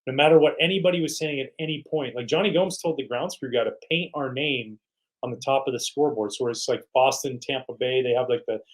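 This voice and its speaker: A man's voice: medium pitch, fast talker, poor audio. Middle-aged male guest, casual storyteller, mid-range voice, acts out the quotes. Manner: animated, quotes teammates in voices. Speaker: guest, retired pitcher.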